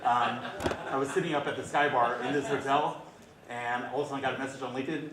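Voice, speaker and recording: A man's voice: medium pitch, steady tone, fast, a crowd in the background. A male lawyer giving a conversational conference presentation, telling anecdotes and polling the audience. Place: conference hall. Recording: echoey hall with faint ambience.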